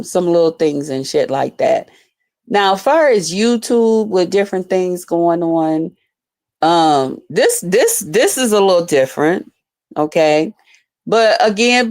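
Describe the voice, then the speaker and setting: A woman telling a story to her viewers in a casual vlog, cursing freely and calling them y'all. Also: mid-range voice. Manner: profane, animated, addresses viewers as y'all. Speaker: YouTuber telling stories to viewers.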